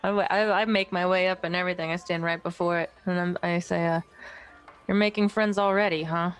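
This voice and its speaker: A woman playing a tabletop game, describing her character's actions and speaking in brisk, sassy banter. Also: lowish voice, flat delivery, clean tone. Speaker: player. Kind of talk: in-character roleplay.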